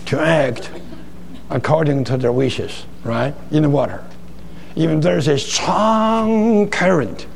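A man teaching from the Bible in a slow, halting way, posing rhetorical questions with nonstandard English phrasing. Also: on the high side, gravelly, darkish tone, a little hiss or hum.

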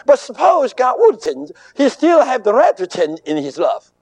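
A man preaching a sermon with emphasis, in short deliberate phrases, his English not quite native. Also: extremely high pitch, huge pitch swings, darkish tone, dry recording.

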